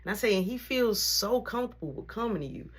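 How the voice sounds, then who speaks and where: A woman's voice: fairly high pitch, quick pace, husky. A woman casually telling a story in slang, acting out the voices of the people in it. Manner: animated, slangy, acts out quotes.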